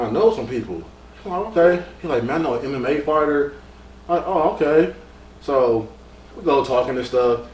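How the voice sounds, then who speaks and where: A man co-hosting a casual podcast, fired up and animated, his voice bouncing high and low as he acts out conversations. He sits a step away from the mic in a roomy space with a faint hum underneath. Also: distant mic. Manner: excitable, animated, acts out quoted dialogue. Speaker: podcast co-host. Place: guest's home.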